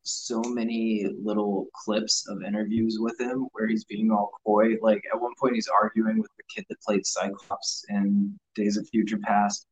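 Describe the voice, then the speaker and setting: A man's voice: lowish voice, a little slow, hardly any pauses, poor audio. A man talking casually about a TV series, loose and full of "like". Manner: relaxed, lots of "like" fillers. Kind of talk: casual chat about a TV show.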